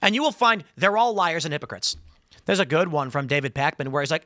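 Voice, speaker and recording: A man hosting a political commentary show, talking in a sarcastic, rambling way with animated asides on a close mic. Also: on the high side, fast, no echo. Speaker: host.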